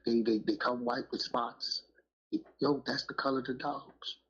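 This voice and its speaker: A man's voice: medium pitch, fairly even intonation, measured pace, a bit bright, husky. A middle-aged man and dog breeder talking in a casual, emphatic storytelling style, full of street slang and "you know what I'm saying". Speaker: dog breeder on a podcast talk show. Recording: muffled lo-fi audio.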